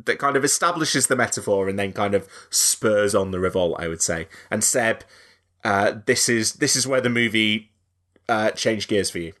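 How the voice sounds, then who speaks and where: A man hosting a casual film discussion, talking in an animated way. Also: fairly low pitch, moderate pace. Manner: animated, dramatic when reading a quote aloud. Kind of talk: casual chat.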